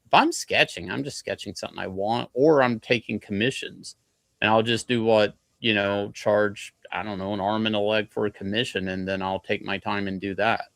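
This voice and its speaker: A man with a lowish voice talks as a guest on a casual livestream, blunt and often profane. His delivery is matter-of-fact, and the sound is dry and close with no room around it. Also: steady tone, normal speed, gravelly, fairly bright tone, no room sound. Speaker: guest artist.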